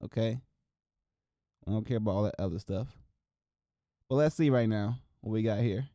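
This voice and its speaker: Excitable slangy man on a solo sports show. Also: fairly low pitch, normal speed, dry recording, studio quality. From Wisconsin. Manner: loose, excitable, slangy, talks to viewers as y'all. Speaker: host. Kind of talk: casual solo commentary.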